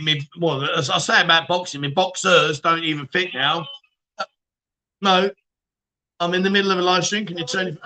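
A man's voice: fairly high pitch, sharp tone. A man hosting a casual livestream chat show, reading viewer comments and joking around with frequent laughs and swearing.

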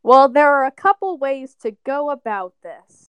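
A woman's voice: high voice, expressive, measured pace, fairly bright tone, dry recording. Bubbly woman playing a tabletop game. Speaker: player. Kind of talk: casual tabletop play and in-character talk.

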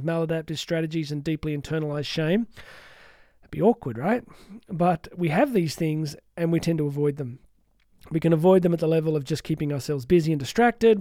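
Life coach guy talking straight at you, jokey about himself, does little mock voices, kinda high pitched, dead dry audio. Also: no echo. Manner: candid, self-mocking, animated asides; acts out inner voices with mock quotes. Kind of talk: motivational talk to camera.

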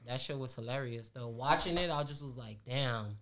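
A man's voice: mid-range voice, brisk, fairly bright tone. A man, co-hosting a podcast in casual, slangy banter and laughing often. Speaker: podcast co-host. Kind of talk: casual chat.

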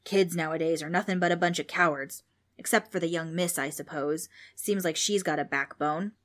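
A woman's voice: lowish voice, moderate pace, close to an everyday voice. A woman voicing a brash, boastful ghost with a folksy, mocking way of talking. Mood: smug.

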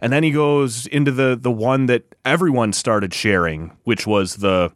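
A man's voice: medium pitch, expressive, normal speed, no room sound, studio quality. A man co-hosting a casual sports podcast, ranting in a heated, profane way. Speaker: podcast co-host.

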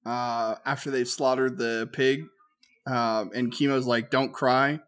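A man on a movie podcast, retelling a favorite scene in a halting way, full of fillers and restarts. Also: mid-range voice, little pitch movement. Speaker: podcast co-host. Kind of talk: casual chat.

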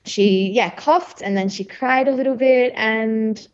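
A woman's voice: on the high side, unhurried, dull audio. Chatty young woman telling a birth story. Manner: chatty, emotional, laughs often, many fillers. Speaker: podcast guest sharing her birth story. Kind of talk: casual conversational storytelling.

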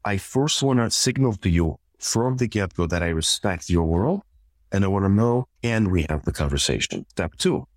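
Deep-voiced man, calm step-by-step explainer. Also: moderate pace, no room sound. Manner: calm, methodical, walks through numbered steps and acts out example exchanges. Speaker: couples therapist. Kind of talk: explaining in a podcast interview.

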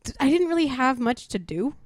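Animated, swearing woman telling stories. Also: high-pitched, brisk. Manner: animated storyteller, swears freely, acts out quotes. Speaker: podcast co-host. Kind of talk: casual chat.

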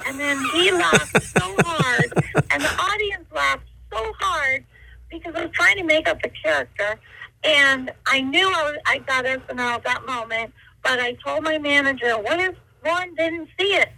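A woman in her sixties telling stories as an interview guest by phone, animated and quick to slip into voices. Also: high-pitched, creaky, poor audio. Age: 60s. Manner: animated, slips into voices and quotes. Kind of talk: interview storytelling.

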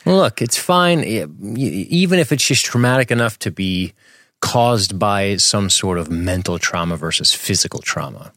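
A man's voice: fairly low pitch, animated, normal speed, a bit bright, no echo, clean studio sound. A young adult man co-hosting a podcast, joking crudely and rambling in casual banter. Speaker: podcast co-host.

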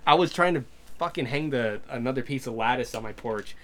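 A man's voice: medium pitch, a little fast, a bit bright. A young man co-hosting a podcast, telling stories in casual chat, swearing and laughing often. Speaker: podcast co-host.

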